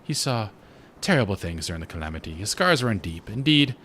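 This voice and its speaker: A man reading a game's gentle devout church sister aloud, formal and solemn. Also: lowish voice, big pitch swings, brisk, a little hiss or hum.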